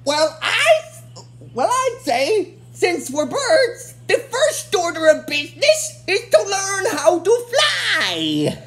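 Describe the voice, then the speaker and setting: A woman voicing a silly, dim-witted crow-like bird monster in a high, squawky voice. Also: huge pitch swings, takes it slowly, a bit bright, heavily acted. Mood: excited.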